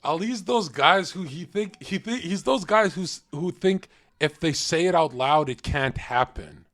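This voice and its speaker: A man's voice: a little high, lively intonation, measured pace, fairly bright tone. Young guy on stream, blunt and mocking, does little voices for people he quotes. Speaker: streamer reacting to a clip. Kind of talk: casual reaction commentary.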